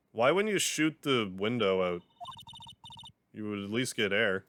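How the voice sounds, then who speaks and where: A man's voice: fairly low pitch, animated, measured pace, pauses often, fairly bright tone, slight background noise. A man playing through a visual novel, reading lines and making wry joking asides. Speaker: gaming YouTuber. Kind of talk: let's play commentary and reading.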